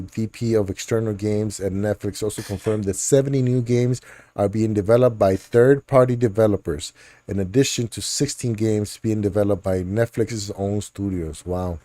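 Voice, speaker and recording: Low, mellow-voiced man in casual chat. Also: steady tone, normal speed, dry recording. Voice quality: laughs often, jokey and rambling. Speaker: podcast host. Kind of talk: casual chat reading gaming news.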